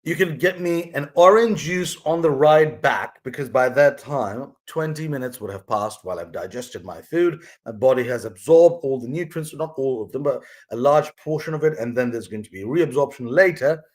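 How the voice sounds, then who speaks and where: Speaking at normal speed with few pauses, this medium-pitched man reflects casually on his vlog about lessons his mother taught him. He rambles earnestly and keeps restarting his sentences.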